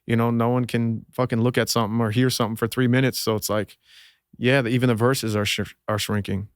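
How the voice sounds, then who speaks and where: A man from Minnesota, a rapper guest on a podcast, talks in a loose, laid-back way with plenty of swearing. His voice sits at a middle pitch, dry and close to the mic. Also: level tone, fast, smooth, no room sound. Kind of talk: casual chat.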